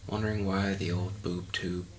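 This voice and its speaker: A man's voice: sits low, little pitch movement, normal speed. A man giving a mock audio commentary in a pompous, condescending, rambling way. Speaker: commentary host.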